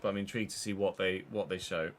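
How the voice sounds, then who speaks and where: A young man streaming live, chatting through his football game and breaking into excited shouts between muttered asides. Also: low-pitched, quick pace. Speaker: gaming streamer.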